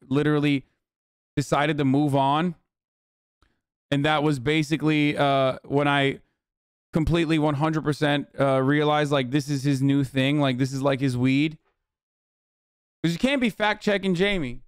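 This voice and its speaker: A man's voice: fairly high pitch, fairly even intonation, normal speed, smooth, no echo, studio quality. A man in his thirties streaming live, reacting with casual, profane commentary full of filler words.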